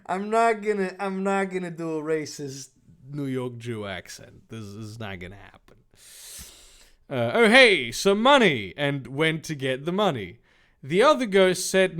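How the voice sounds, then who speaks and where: Sarcastic man mocking a fanfic. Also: a little high. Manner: sarcastic, incredulous, swearing, mocking asides. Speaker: host reading fanfiction aloud. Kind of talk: comedic reading with commentary.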